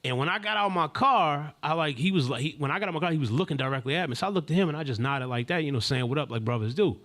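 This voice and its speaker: A man's voice: a little high, animated, fast, a bit bright. A man hosting a live stream, telling a story in a casual, rambling, slangy way with many asides and restarts.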